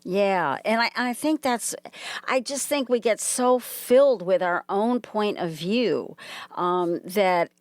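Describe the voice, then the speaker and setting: A woman's voice: mid-range voice, slow, no room sound. Woman interviewer with a dry voice. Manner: affirming, summarizing the guest's points. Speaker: interviewer host. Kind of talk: casual interview talk.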